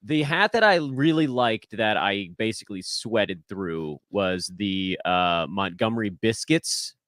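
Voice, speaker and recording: A man hosting a podcast in casual chat, animated, laughing easily and poking fun at himself. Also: lowish voice, unhurried, dry recording, clean studio sound. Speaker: podcast host.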